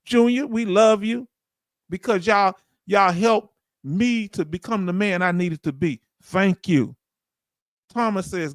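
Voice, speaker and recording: A man's voice: sits high, takes it slowly, no echo, clean studio sound. A man with a Southern US accent hosting a casual livestream, chatting loosely and calling out to viewers as he reads their comments. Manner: loose, folksy, calls out to viewers. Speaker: livestream host.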